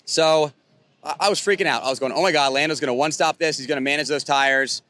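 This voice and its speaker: A young man excitedly recapping a race as a vlog host, filmed outdoors at a racetrack. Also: on the high side, fast talker. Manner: excitable, animated fan talk.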